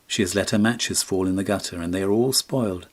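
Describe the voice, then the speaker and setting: A compassionate prince statue from a storybook, solemn and commanding as he pleads for the poor, as a man reading puts him on. The voice is low and slightly husky. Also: fairly quick. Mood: sorrowful.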